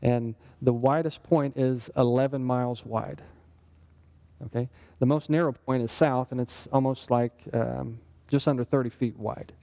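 A man's voice: medium pitch, steady tone, unhurried, vocal fry, mellow. A man teaching a Bible lesson in a conversational sermon style, often putting questions to his listeners. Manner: conversational, asks the group questions. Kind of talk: interactive sermon.

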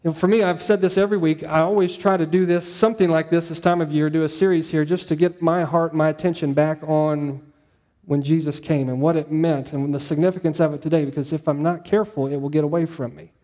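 Male pastor, easygoing sermon delivery, slightly high, warm tone. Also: fairly even intonation, fast. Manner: conversational, storytelling, frequent "um" and "right?".

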